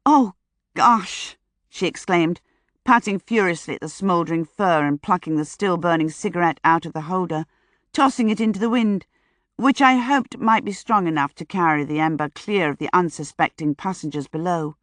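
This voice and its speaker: A woman narrating a first-person audiobook in a measured, dryly wry manner, close to the mic. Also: on the low side, fairly bright tone, dry recording.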